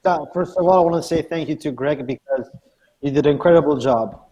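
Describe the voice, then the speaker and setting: A man's voice: on the high side, fairly quick, mellow, husky, lo-fi sound. A male photographer on a livestream panel, speaking in an upbeat, encouraging way over a video call.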